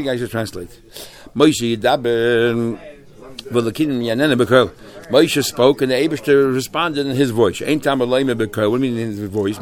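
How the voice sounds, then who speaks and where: A man leading a Talmud class, explaining texts in a loose, animated way with many restarts and Hebrew and Yiddish terms. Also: mid-range voice. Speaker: Talmud teacher.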